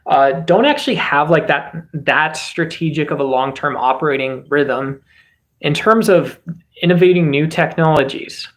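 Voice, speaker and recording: A man's voice: fairly high pitch, normal speed, fairly bright tone. A man from the United States giving casual political commentary as a streamer host, rambling along and often restarting his sentences. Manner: rambling, many fillers and restarts.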